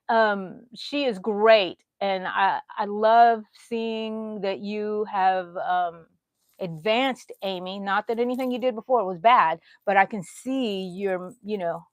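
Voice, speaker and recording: Middle-aged woman, casual crochet livestream host, chatty and relaxed, dry close sound. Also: mid-range voice, measured pace, no room sound. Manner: chatty, reads out viewer comments, yawns often. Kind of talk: casual live chat while crocheting. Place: at home.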